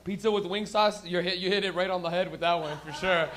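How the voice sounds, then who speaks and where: A young man hosts a stand-up comedy show on a small stage, rambling and giggling through stoned banter with the live crowd. His voice sits high with fairly even intonation and a fast pace, under heavy background noise.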